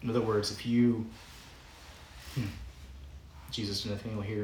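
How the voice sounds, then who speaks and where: A man's voice: on the low side, flat delivery, moderate pace, pauses often, darkish tone, reverberant, slight background noise, low-quality recording. A man preaching a sermon as pastor, in a conversational, playful way that often breaks into chuckles. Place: church sanctuary.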